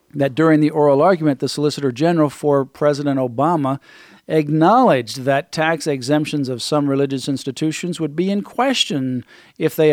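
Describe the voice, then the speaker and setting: A man's voice: on the high side, a little mellow, dry recording, studio quality. A man hosting a talk radio show, earnestly reading out quotes and commenting on them. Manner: earnest, reads quotes aloud. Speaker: radio host.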